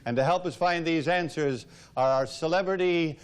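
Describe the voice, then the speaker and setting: A man's voice: a little high, moderate pace, clear, resonant tone. A man hosting a TV game show in a jokey, bantering way. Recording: noisy old TV broadcast with studio audience.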